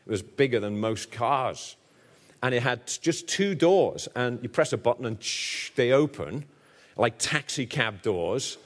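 A man with a Liverpool accent preaching with lively, humorous energy. His voice sits at an ordinary pitch for a man but rises into booming emphasis and then drops into hushed, slower asides. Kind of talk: sermon.

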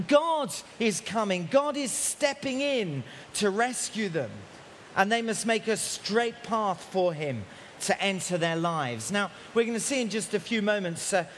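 A man preaching outdoors at a camp, shouting loudly so his voice carries in the rain. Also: high voice, in a large hall, a little hiss or hum. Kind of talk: outdoor sermon.

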